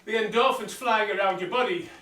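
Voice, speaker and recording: A man's voice: sits high, fairly quick, pushed and bright. A man talking bluntly while pedalling an exercise bike, slightly out of breath. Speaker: vlogger. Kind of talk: casual motivational talk. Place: indoor room with exercise bike. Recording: roomy sound from a distant mic.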